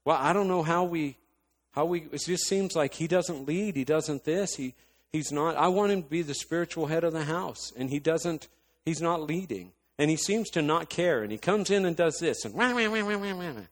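A man's voice: fairly high pitch, normal speed, voice pushed up, natural voice. A man mimicking a whiny complaining woman. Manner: whining, droning mockery.

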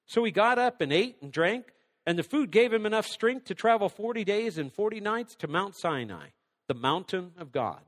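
A man's voice: high-pitched, big-room sound. A man preaching a sermon, reading scripture aloud and then working through numbered points, sometimes dropping almost to a whisper. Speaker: pastor.

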